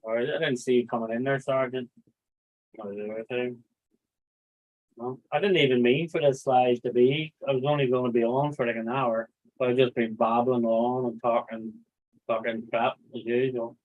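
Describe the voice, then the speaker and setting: A man's voice: mid-range voice, steady tone, normal speed. Male stream host, loose rambling talk full of swearing, reads chat aloud; tinny phone-like audio. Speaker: livestream host. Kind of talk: casual livestream chat.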